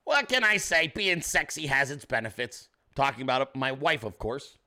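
A man's voice: mid-range voice, sing-song, moderate pace, pushed and bright. A man hosting his own show, in brash, crude, rambling casual commentary, talking straight to his chat viewers. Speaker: show host.

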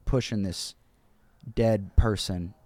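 A man co-hosting a podcast, telling a story in a relaxed, unhurried way. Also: on the low side, dry recording. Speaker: podcast host. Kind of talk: casual chat.

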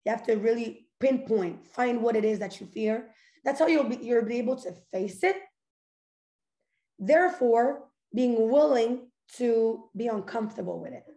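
A woman's voice: a little high, moderate pace, dark tone, echoey room. A woman hosting a live motivational call, talking energetically and directly, firing off rhetorical questions and breaking into laughter. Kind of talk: motivational talk to a live audience.

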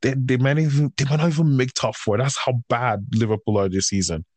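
A man's voice: mid-range voice, brisk, a little mellow, no echo. Exasperated man ranting, dry close sound. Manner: heated, profane, exasperated ranting; swings between raised outbursts and tired grumbling. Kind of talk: casual ranting chat.

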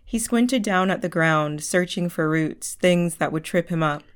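A woman narrates a story in a measured audiobook reading. Her voice is smooth and resonant and sits a little low.

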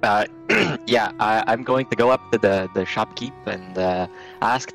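A man playing a tabletop game, speaking haltingly with many hesitations. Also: on the low side, fairly bright tone, soft background music.

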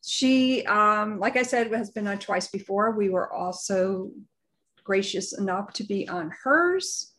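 A woman's voice: mid-range voice, lively intonation, slow pace, fairly bright tone. A woman co-hosting a podcast, chatting in a gushing, effusive way about upcoming guests. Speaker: podcast co-host. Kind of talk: casual chat.

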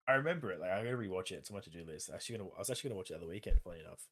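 A man co-hosting a podcast in casual chat, animated and chuckling as he talks. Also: low-pitched, racing, breathy edge. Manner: animated, chuckles while talking. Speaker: podcast co-host.

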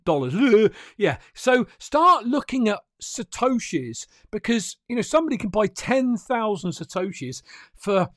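A man's voice: sits high, sing-song, a little slow, no echo, studio quality. A man hosting a crypto news livestream, talking to viewers in a chatty, emphatic way. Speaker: crypto news show host. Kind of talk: casual livestream commentary.

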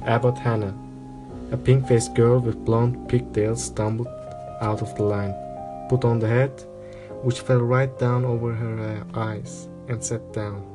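A man calmly narrating a storybook aloud, with an even reading pace and small slips. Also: mid-range voice, a little slow, music in the background. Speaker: audiobook reader.

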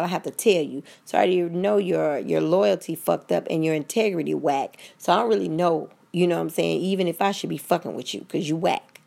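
A woman's voice: fairly low pitch, gravelly, a little mellow. Blunt, profane woman ranting. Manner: blunt, profane, preachy, talks straight to listeners. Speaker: commentator. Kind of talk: casual podcast rant.

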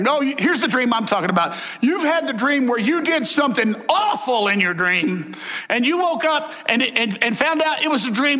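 A man preaches a sermon with a drawl, his voice high and bright. He jokes with the congregation in a folksy, lively way. The sound carries a long church-hall reverb. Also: moderate pace. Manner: folksy, animated, joking with the congregation. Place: church sanctuary. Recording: echoey hall.

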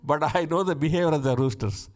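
A man preaching with a slightly higher voice than most. He hammers his points home by repeating lines and puts questions to the congregation, often chuckling at his own remarks. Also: quick pace. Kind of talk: sermon.

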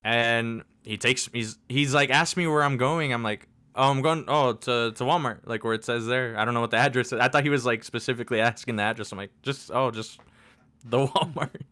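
A man's voice: medium pitch, steady tone, fairly quick, sharp tone, clear, resonant tone. A man co-hosting a podcast, telling a rambling story in casual chat, swearing and laughing as he goes. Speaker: podcast co-host.

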